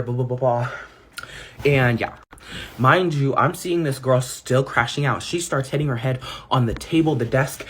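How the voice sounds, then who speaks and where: A man's voice: mid-range voice, a little hiss or hum. A man telling a story in a chatty, gossipy vlog style, full of asides. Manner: gossipy, chatty storytelling with many "like" and "mind you". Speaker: vlogger. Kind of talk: storytime get-ready-with-me vlog.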